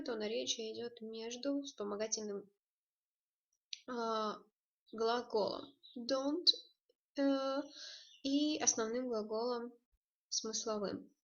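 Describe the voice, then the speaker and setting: Russian-accented woman teaching english grammar, switches languages, muffled lo-fi audio. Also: on the high side. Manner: explains grammar, switching between two languages. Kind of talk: recorded online lesson.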